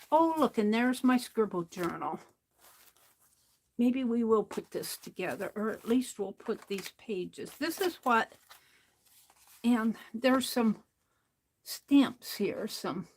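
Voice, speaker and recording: Slow, chatty woman crafting at home. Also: mid-range voice. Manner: chatty, rambling, talking to herself while working. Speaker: art livestreamer. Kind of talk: casual crafting livestream.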